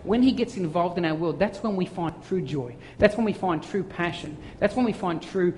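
A man delivers a sermon with lively, story-driven energy and slips into playful voices. His voice sits high for a man. The sound carries a long reverb, as if recorded in a large hall. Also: moderate pace, slight background noise. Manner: animated storytelling, acts out voices. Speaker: pastor.

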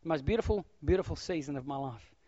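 A middle-aged pastor with a slightly high voice preaches with lively swings between loud bursts and hushed near-whispers. The sound is dry and close with no room around it, and a bit dull and lo-fi. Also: male voice, quick pace, no room sound. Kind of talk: sermon.

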